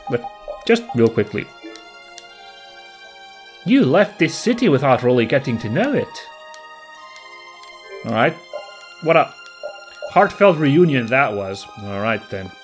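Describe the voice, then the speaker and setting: A man casually commenting while playing through a video game, rambling and joking as he goes. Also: on the high side. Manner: chatty, rambling, jokey. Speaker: let's play host.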